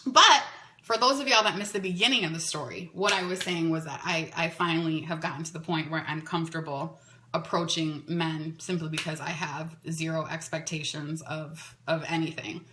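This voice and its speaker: A woman hosting a podcast, telling a long story in a chatty, animated way that is full of "like" fillers. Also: deep voice, moderate pace, noisy background. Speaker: podcast host. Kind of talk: casual storytelling monologue. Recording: roomy echo.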